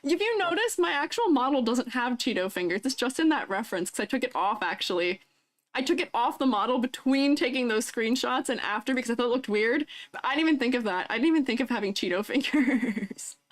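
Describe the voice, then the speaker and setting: A young woman's voice sitting a little above the usual range, bubbly and quick to giggle. She chats casually with viewers on a live stream, teasing and reacting playfully to fan art. The talk is loose and spontaneous. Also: fairly high pitch, animated.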